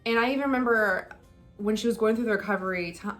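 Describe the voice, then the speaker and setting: A woman's voice: a little high, fast talker, fairly bright tone, soft background music. A young adult woman talking candidly in a casual vlog, conversational and full of fillers like "like" and "um". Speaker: vlogger. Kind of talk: casual personal vlog talk.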